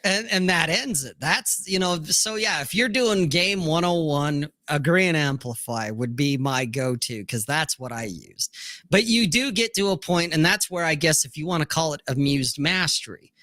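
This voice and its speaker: A man's voice: on the high side, animated, normal speed, pushed and bright, no echo, clean studio sound. A man in casual podcast talk, blunt and profane, who acts out both sides of conversations as he talks.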